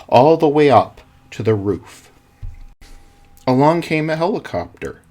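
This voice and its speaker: A man casually telling a story to his online audience in a gentle, relaxed way. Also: medium pitch.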